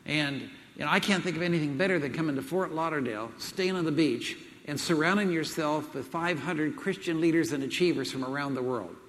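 A man's voice: on the high side, a little fast, few pauses. Older man telling jokes in a reverberant hall. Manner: folksy, chuckling storyteller with many fillers. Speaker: speaker at a Christian event. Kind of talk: joke-telling seminar talk. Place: large hall with audience.

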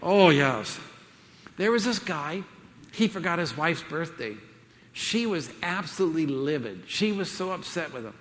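At a Christian event in a large hall full of people, an older man gives a seminar talk, cracking jokes in a folksy, chuckling style packed with fillers. His voice is a little high and bright, very animated, and a touch slow. The hall adds a long reverb to the recording.

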